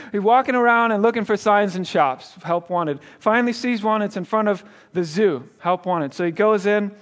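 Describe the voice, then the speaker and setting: A man preaching as a guest speaker, telling a joke story with chuckles and stumbling restarts. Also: high voice. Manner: storytelling with laughs and repeated restarts. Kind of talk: sermon. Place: church.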